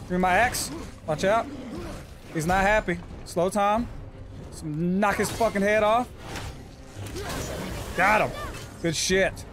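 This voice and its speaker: A man streaming live gameplay, talking through fights with a lot of swearing and frustrated yelling. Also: high-pitched, takes it slowly, long pauses, noisy background. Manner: excitable, swearing, yells in frustration. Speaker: gaming streamer. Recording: game music behind the voice.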